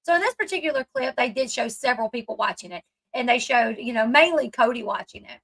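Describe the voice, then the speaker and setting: High, bright-voiced woman recapping chattily. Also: lively intonation, quick pace, gravelly, slightly rough, poor audio. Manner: chatty retelling, acting out quotes with many "like"s. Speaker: commentary channel host. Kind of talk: casual commentary recap.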